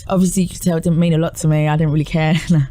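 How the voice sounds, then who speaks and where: A woman, a singer chatting as a radio interview guest, telling rambling stories with sudden jumps in pitch. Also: very fast. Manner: animated, rambling storytelling with lively pitch jumps. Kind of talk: casual interview chat. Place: radio studio.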